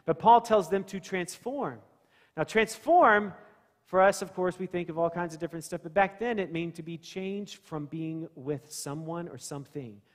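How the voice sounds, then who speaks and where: Man, pastor, high voice, conversational sermon, long church echo. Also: moderate pace. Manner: asks the congregation questions, acts out scenes. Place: church sanctuary.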